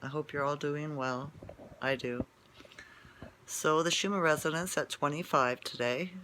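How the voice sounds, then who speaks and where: A man's voice: fairly high pitch, steady tone, unhurried, bright, forceful tone, slight background noise. A man talking straight to his viewers in a casual, rambling monologue, digressing and often asking "right?". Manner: digressive, with many restarts and asides. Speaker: vlogger.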